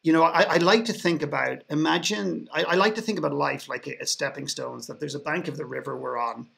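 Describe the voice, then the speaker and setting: A man from Ireland, guesting on a podcast, tells a story in a panel conversation with a sarcastic edge, frequently restarting sentences. He speaks briskly in a fairly high, fairly bright voice marked by vocal fry.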